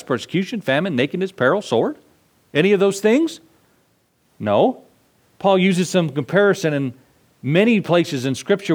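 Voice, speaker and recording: A fairly high-voiced man preaching. He swings from loud, emphatic declarations to quiet asides and acts out the voices of the people in his stories. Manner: impassioned preaching with sudden swings between loud and soft; acts out dialogue in a storyteller's voice. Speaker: pastor. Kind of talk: sermon.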